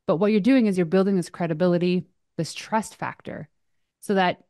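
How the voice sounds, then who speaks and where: A woman from Canada speaks as a podcast guest, energetic and talking in quick bursts. Her voice is on the low side, and the recording is dry and close with no room sound. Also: dry recording. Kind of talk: casual interview chat.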